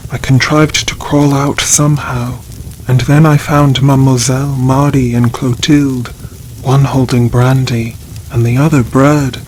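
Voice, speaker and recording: Slow, measured male audiobook narrator. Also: mid-range voice, slight background noise, low-quality recording. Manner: slow, measured, even reading. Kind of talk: scripted horror narration for sleep.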